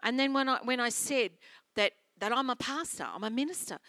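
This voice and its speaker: An Australian woman pastor delivers an earnest sermon, telling stories and circling back to the same phrases. Her voice sits a little high and rings bright and forceful. It is recorded dry, with almost no room sound. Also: fairly quick, no room sound. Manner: earnest, storytelling with repeated phrases.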